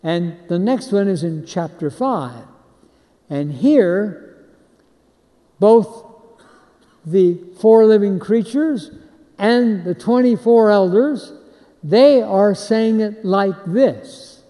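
A man's voice: high-pitched, lively intonation, slow, long pauses, dark tone. A man preaching a sermon, leading the crowd in call-and-response chants. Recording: long hall reverb.

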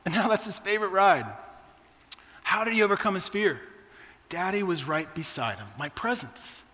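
A man's voice: high voice, animated, moderate pace, sharp tone, big-room sound. A man in his forties preaching a sermon, telling personal stories in a conversational way to his church. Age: 40s. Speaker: pastor.

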